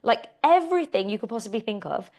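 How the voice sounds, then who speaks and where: A woman's voice: fairly high pitch, fast. Chatty British woman hosting a podcast. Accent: British English. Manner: chatty, animated storytelling with laughs. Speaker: fitness coach and podcast host. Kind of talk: casual Q and A podcast chat.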